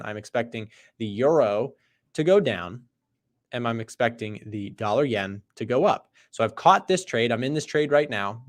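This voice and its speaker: A man hosting a live trading stream, talking casually through charts, animated and emphatic, often checking in with "right?". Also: medium pitch. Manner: conversational, asks "right?" often; animated, emphatic, loud bursts. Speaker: trading livestream host. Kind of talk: live market commentary.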